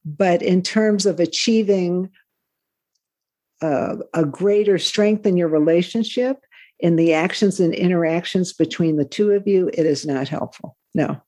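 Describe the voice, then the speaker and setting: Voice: mid-range voice, measured pace, a little mellow. A guest talking casually and giving explanatory parenting advice. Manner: advising, explanatory. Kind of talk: casual conversation.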